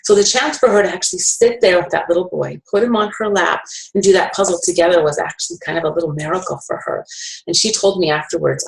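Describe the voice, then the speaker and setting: Chatty woman telling a story, lowish voice. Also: quick pace, creaky, poor audio. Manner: chatty, storytelling, with fillers and self-corrections. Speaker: essential oil presenter. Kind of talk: casual storytelling presentation.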